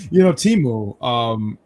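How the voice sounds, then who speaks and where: A man from New York hosting a casual live wrestling review stream, telling animated stories with self-mocking jokes. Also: medium pitch. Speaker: podcast host.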